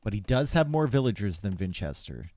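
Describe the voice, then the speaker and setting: A man casting a live strategy game tournament, chatty and relaxed, chatting with viewers between plays from a home stream setup. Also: on the low side, fairly quick. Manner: casual, chatty, talks to chat between plays. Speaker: tournament caster. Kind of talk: live esports commentary.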